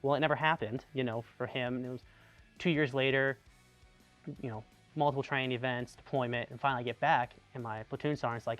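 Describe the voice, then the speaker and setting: Fast-talking young man telling army stories. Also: mid-range voice, soft background music. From Tucson, Arizona, USA. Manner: animated, chatty, lots of "like" and restarts. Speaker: army veteran interviewee. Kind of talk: casual storytelling of anecdotes.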